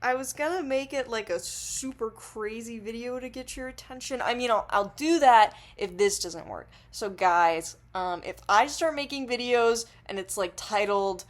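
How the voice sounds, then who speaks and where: A woman's voice: fairly high pitch, normal speed, few pauses. Rambling, giggly woman vlogging while intoxicated. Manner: rambling, giggly, swears freely. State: under the influence. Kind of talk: casual rambling monologue to camera.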